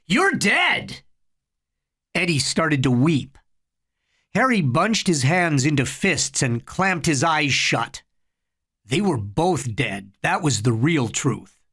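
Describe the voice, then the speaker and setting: A storyteller reading a horror story aloud at an unhurried, deliberate pace. The delivery is dramatic, with a pitch that rises and falls freely. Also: animated, a bit bright, husky.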